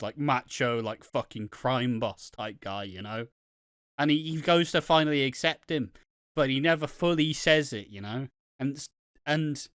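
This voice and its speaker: A man's voice: medium pitch, a bit bright, clean tone, no room sound, clean studio sound. A man co-hosting a casual podcast chat who rambles, swears freely and gets worked up retelling scenes. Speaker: podcast co-host.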